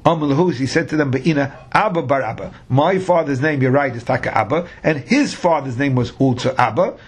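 A man's voice: mid-range voice, brisk, breathy edge. A man teaching a Talmud class, reading the Aramaic phrase by phrase and explaining each in English.

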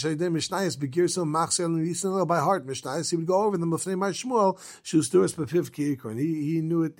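A man giving a casual Talmud lesson, reading Aramaic lines and explaining them in everyday English, acting out the speakers he quotes. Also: fairly high pitch. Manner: lively, acts out quoted speakers. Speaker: Talmud teacher.

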